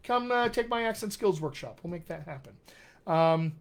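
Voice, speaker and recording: A man's voice: sits high, expressive, moderate pace, vocal fry. A man hosting a live question-and-answer stream as a dialect coach, upbeat and encouraging as he answers viewers one by one. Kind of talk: casual live-stream chat.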